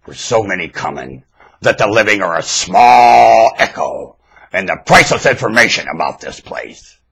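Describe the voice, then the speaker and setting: A man rants into his webcam at home with a husky, edgy voice. His pitch swings wildly, leaping from barked, shouted high points down to hushed mutters. He keeps hammering the listener with rhetorical questions. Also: very animated, moderate pace. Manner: lurches between shouted high outbursts and low muttering asides. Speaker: webcam monologuist. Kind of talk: preachy ranting monologue. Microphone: webcam microphone.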